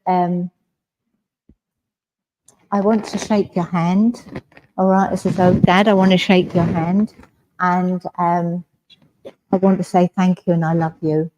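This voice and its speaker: A woman with an English accent speaks as a medium, addressing her listeners directly in a soft, reassuring way. Her voice sits somewhat low for a woman and has a warm, mellow tone, and she keeps asking "all right?" as she goes. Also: poor audio. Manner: gentle, reassuring, often asks "all right?". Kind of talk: mediumship demonstration. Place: village hall.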